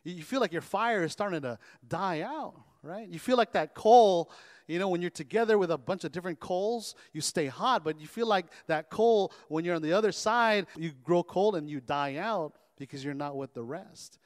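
A man preaching as pastor, animated, often calling on his congregation for an amen. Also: high-pitched, normal speed, long reverb tail. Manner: animated, call-and-response preaching. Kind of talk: sermon. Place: church sanctuary.

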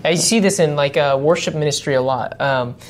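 A man's voice: a little high, a little fast, a little hiss or hum. A young man co-hosting a morning devotional radio show as a worship leader, speaking in a thoughtful, earnest way. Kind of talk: casual devotional radio chat.

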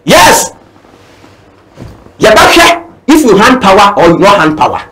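A Ghanaian man with a high voice talks politics in a fervent, repetitive way, switching between Twi and English. He drives each point home again and again. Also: wildly swooping pitch, takes it slowly, very noisy. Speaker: political commentator. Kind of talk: impassioned political talk.

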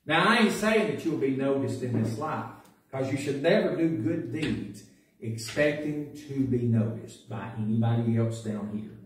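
Preacher, echoey church from afar. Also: male voice, mid-range voice, animated, moderate pace, a little hiss or hum. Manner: folksy storytelling that builds to loud preaching. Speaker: pastor. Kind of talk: sermon. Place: church sanctuary. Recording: echoey church recording from a distance.

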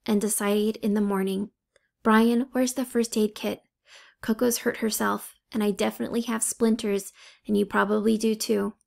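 A woman's voice: medium pitch, level tone, normal speed, vocal fry, darkish tone, close to an everyday voice. A woman reading a firm, brave schoolgirl.

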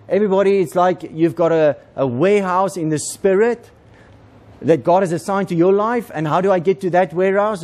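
A man's voice: high voice, a little mellow. A man, preaching a conversational sermon to a congregation and repeating words as he goes.

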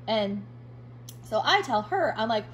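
A woman's voice: on the high side, animated, measured pace, slight background noise, rough recording. A woman telling a casual storytime vlog about her dog, frustrated, acting out both sides of past conversations.

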